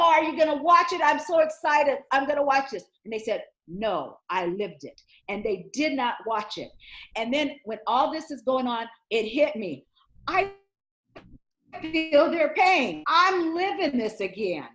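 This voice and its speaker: A woman's voice: sits high, a bit bright, reverberant. A middle-aged woman giving emotional personal testimony in a community discussion over a video call, her voice rising when she is hurt.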